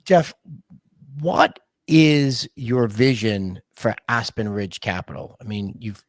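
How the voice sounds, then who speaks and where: A man's voice: fairly low pitch, animated, slow, dry recording. A man from New York hosting a podcast interview, speaking emphatically and giving advice to listeners. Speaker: podcast host.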